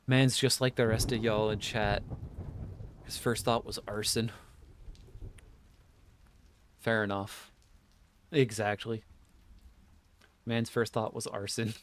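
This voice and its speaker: Low-voiced man chatting through a game. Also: steady tone, slow pace, pauses often. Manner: chatty, talks to chat and reads game text. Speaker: streamer. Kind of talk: casual gameplay chat.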